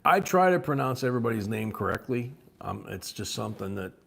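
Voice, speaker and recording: A man's voice: on the low side, very animated, fairly quick, creaky, fairly bright tone, slightly rough. A man from Chicago hosting a live-streamed coin auction, chatting between calls of bidders' names and bids. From Chicago, USA.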